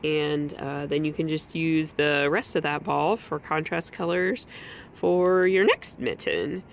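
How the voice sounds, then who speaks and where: Gravelly low-voiced woman chatting about knitting. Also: takes it slowly, slight background noise. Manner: chatty and relaxed, with frequent ums. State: out of breath. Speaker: knitting podcast host. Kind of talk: casual chat about knitting projects.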